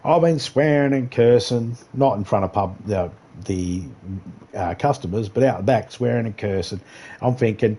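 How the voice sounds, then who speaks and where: A man spins a loose, rambling anecdote on his gaming stream. His voice sits at a middling pitch, and he swears freely and breaks into laughter often. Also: normal speed, warm tone, breathy edge. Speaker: livestream gamer. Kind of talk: casual storytelling.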